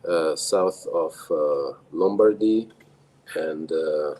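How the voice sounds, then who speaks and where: A man from Italy with an Italian accent, a guest brewery owner in a casual podcast chat who pauses often with fillers. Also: extremely low pitch, a little mellow, rough recording. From Emilia, Italy.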